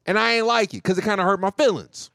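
A man telling a profane, joking story about his telemarketing job, animated and casual. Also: high voice, fast talker, smooth, dry recording, clean studio sound.

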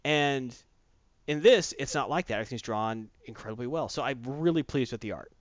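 A man hosting a comic book podcast, recapping an issue in a rambling, animated way with casual asides. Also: mid-range voice, fairly quick, no room sound. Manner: rambling, animated storyteller who acts out quotes. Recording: dull lo-fi dry recording.

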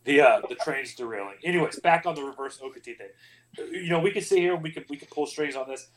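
A man's voice: fairly high pitch, fast, a little hiss or hum, poor audio. A man hosting a casual podcast round table, rambling and self-deprecating. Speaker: podcast host.

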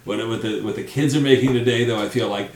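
A man hosting a casual conversation, speaking in a reflective, halting way and laughing along. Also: mid-range voice, darkish tone. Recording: echoey room with faint noise.

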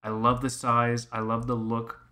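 A man co-hosting a casual chat podcast, animated and mock-ranting with swearing. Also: medium pitch, unhurried. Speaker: podcast co-host.

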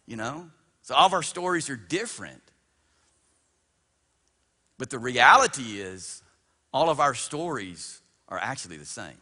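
A man in his fifties, a pastor preaching a sermon, swinging between loud emphatic bursts and hushed storytelling and repeating words as he builds up. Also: mid-range voice, very animated, unhurried, long pauses. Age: 50s. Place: church sanctuary. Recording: long church-hall reverb.

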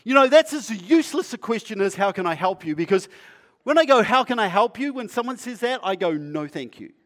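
A male pastor preaching in a conversational, playful way, asking the congregation questions and sometimes dropping to a quiet, earnest tone. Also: expressive, a little fast. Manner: acts out a shopkeeper's sales pitch. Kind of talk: sermon.

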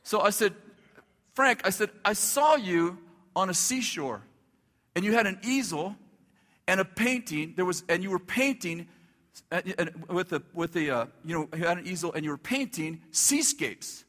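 A male pastor telling a story in a sermon, animated, acting out the dialogue and laughing as he goes. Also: high-pitched, moderate pace, big-room sound.

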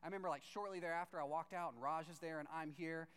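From the pulpit, a man spins a long, animated storytelling sermon, acting out both sides of conversations in each person's voice. He talks fast and chattily, leaning on "like" as filler in nearly every line. His voice is high for a man, smooth and clean.

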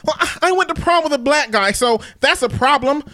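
A man's voice: extremely high pitch, lively intonation, fairly quick, pushed and bright, pitched above the performer's own voice, heavily acted. A man doing a sassy teen girl voice. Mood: indignant. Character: young white teenage girl, indignant.

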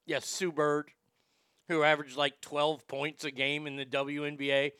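A man's voice: a little high, flat delivery, moderate pace, pushed and bright, smooth, dry recording, studio quality. A man hosting a talk show, brash and profane, riffing on clips and reading chat, often stammering into restarts. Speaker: show host. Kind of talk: casual commentary reading chat.

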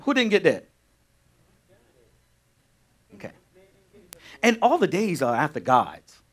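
Animated, high-voiced male pastor. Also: slow pace. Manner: animated, repeats phrases, asks the congregation questions. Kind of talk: sermon teaching.

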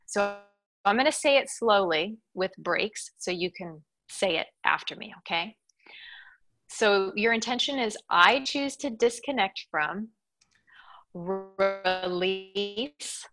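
A woman guiding listeners step by step through a tapping exercise, pausing often with a reassuring "okay". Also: fairly low pitch, bright, forceful tone. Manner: slow, step-by-step coaching with frequent "okay". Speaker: guest teacher. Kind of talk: guided tapping instruction.

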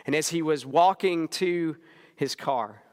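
A male pastor preaching a sermon, telling a story quickly and then slowing down to press his points home. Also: on the high side, clear, resonant tone, big-room sound. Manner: storytelling, shifts between quick narration and slow emphatic preaching.

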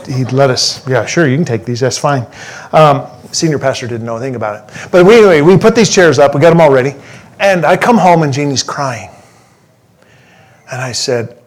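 A pastor telling a personal story in a sermon, animated and self-deprecating, with some humor. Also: male voice, mid-range voice, a little hiss or hum.

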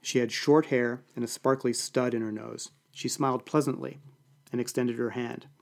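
Canadian guy reading his story, dry wry delivery, mid pitch. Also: steady tone, moderate pace, creaky. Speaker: audiobook narrator. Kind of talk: first-person scripted narration.

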